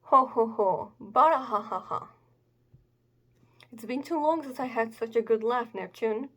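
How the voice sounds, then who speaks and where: A woman's voice: on the high side, moderate pace, darkish tone. A woman reading aloud the lines of a jovial older giant king from a comic, laughing heartily as he speaks.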